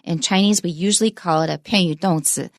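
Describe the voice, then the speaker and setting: A woman teaching English pronunciation in a bilingual lesson, demonstrating stress with clear, emphatic example sentences. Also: fairly low pitch, fairly quick, dry recording, studio quality.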